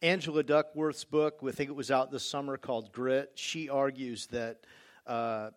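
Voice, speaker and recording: A man's voice: mid-range voice, fairly even intonation, moderate pace. A middle-aged man and father, talking casually and wryly about his family's rules. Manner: casual, wry, with fillers. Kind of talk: personal talk on parenting.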